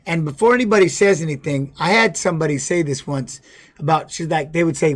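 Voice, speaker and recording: Middle-aged man, fairly high voice, blunt and profane, casual livestream storyteller. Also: fairly quick. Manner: blunt, profane, with many restarts and "you know what I mean". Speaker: former fighter streaming to viewers.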